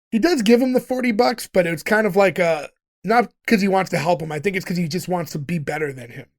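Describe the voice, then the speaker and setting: High-voiced male podcast host, chatty recapper who laughs often. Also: brisk. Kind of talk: casual podcast chat.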